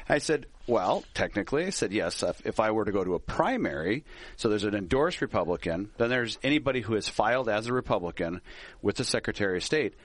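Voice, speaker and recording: Fast-talking middle-aged man telling stories. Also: lowish voice, animated, no echo. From Minnesota. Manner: storytelling, laughs often. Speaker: politician guest. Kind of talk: casual radio talk.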